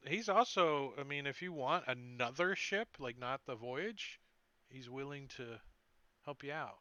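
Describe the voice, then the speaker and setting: A man running a tabletop game as game master, talking in a relaxed, rambling way on a voice call. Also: medium pitch, a little slow, no echo. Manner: relaxed, rambling, loose fillers.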